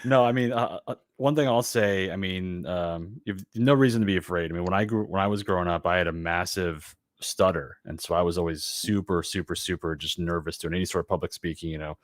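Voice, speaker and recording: A man hosting a podcast, speaking in a quick, encouraging, casual way to his guest. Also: low-pitched, dry recording, studio quality. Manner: quick, encouraging conversational talk. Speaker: podcast host.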